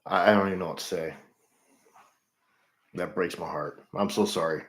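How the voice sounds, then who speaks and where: Middle-aged man, very low voice, earnest and halting, echoey room. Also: fairly even intonation, fairly bright tone. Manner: earnest, halting, repeats himself. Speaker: livestream host in recovery. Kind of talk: casual livestream chat with viewers.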